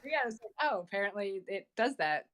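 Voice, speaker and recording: A woman's voice: medium pitch, lively intonation, fairly quick, fairly bright tone. A woman guest streamer chatting casually over a video call, easygoing and a little hesitant, given to giggles. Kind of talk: casual chat.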